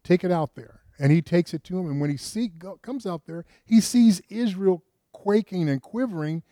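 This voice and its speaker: A man's voice: high-pitched, moderate pace, mellow, dry recording, studio quality. A man preaching a sermon, retelling a story conversationally with rhetorical questions and frequent restarts. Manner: frequent restarts, rises with emphasis.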